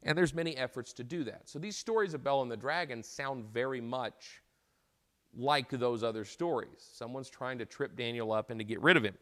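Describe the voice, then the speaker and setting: A man's voice: mid-range voice, moderate pace, a bit bright. A man teaching an informal lecture as a Bible teacher, retelling a story in a conversational way and often repeating and restarting his words.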